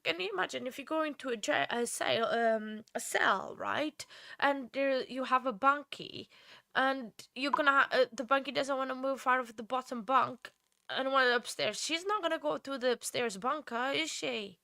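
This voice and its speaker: A woman's voice: high voice, gravelly, bright, forceful tone, no room sound, clean studio sound. A woman hosting a casual true crime livestream, tired and emotional, rambling with many restarts and answering viewers by name. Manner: emotional and heartfelt. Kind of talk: casual live stream chat.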